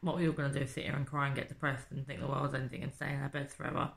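A woman's voice: extremely low pitch, little pitch movement, rapid-fire, gravelly. A woman, chatting casually and swearing often in a home video diary, asking rhetorical questions. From England. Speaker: vlogger. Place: home in the city.

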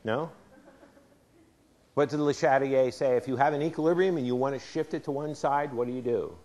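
Fairly quick and a little mellow, this man's mid-range voice belongs to a chemistry professor giving a university lecture in a lecture hall. He's chatty and conversational, quizzing the class with questions.

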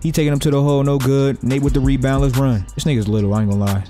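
Young man, gamer, live commentary, trash-talking, profane, excitable, dark mellow voice, faint music behind. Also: mid-range voice, racing. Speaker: gaming YouTuber.

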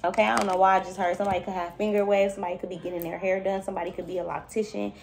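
A woman with a gravelly, medium-pitched voice talks rapid-fire in a level tone as she gives a chatty spiritual reading. Speaking straight to her viewers, she calls them baby and fills her casual, intuitive reading with loose filler.

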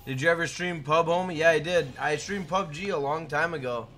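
A man's voice: fairly high pitch, fairly quick, a little hiss or hum. A young man live-streaming a game, chatting casually and hyping up his chat by name. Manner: hyped, shouts out chat names.

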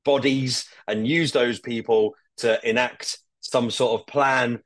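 A man's voice: mid-range voice, fairly even intonation, slow, no echo. A young man chatting on a podcast as a guest, rambling with lots of fillers and casual swearing.

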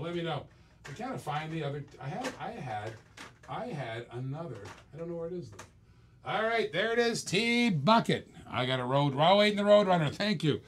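A man's voice: fairly high pitch, big pitch swings, moderate pace, husky. A man hosting a live-stream toy car auction, calling bids and joking with viewers in chatty auctioneer patter.

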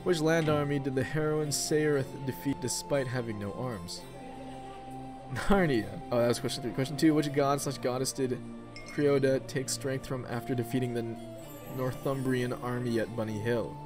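Casual male gamer, reads the story and thinks out loud. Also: medium pitch, moderate pace, over music. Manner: casual, offhand, swears, thinks aloud. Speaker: video game streamer. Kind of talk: reading and playing a text adventure.

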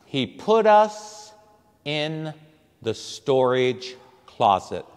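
A man's voice: medium pitch, big pitch swings, very slow. A man, a priest, telling a story in a sermon, acting out voices and throwing punchy asides to the congregation. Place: church. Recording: reverberant church hall.

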